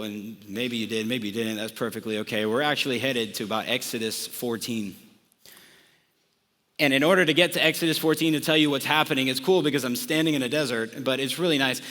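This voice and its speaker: A man's voice: mid-range voice, bright, forceful tone, big-room sound. A young man giving a casual, conversational sermon to a college audience, telling the story loosely with plenty of fillers. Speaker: college ministry speaker. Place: outdoors in a desert.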